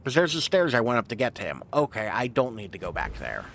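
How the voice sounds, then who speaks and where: His mid-range, creaky, fairly bright voice swoops wildly in pitch and moves fast, with a little hiss or hum. Streaming a video game, he gives casual let's-play commentary to viewers, rambling, self-deprecating, and swearing casually.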